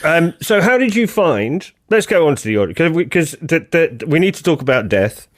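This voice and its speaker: A man hosting a podcast in casual chat, lively and jumping up in pitch to make a point. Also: fairly quick, no echo, studio quality. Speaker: podcast host.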